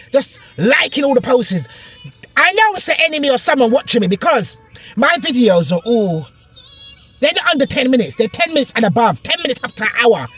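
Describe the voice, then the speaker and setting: A woman, preaching encouragement in an impassioned vlog. She talks emphatically and excitably, repeating her words as she records on a phone while out and about. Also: on the high side, breathy edge. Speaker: online preacher. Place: out and about, in a shop and a car.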